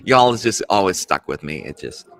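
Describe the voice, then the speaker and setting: A man hosting a laid-back live stream, his voice on the low side but swooping up and down a lot. He gushes and sighs over what he likes. He moves the chat along between topics. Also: creaky, fairly bright tone, husky. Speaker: stream host. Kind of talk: casual chat.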